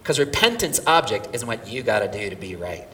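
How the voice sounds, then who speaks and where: A middle-aged man preaching a sermon, telling a story with swings from near-whispers to shouts. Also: lowish voice, very animated, brisk. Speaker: pastor. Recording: distant mic with hall reverb and faint room noise.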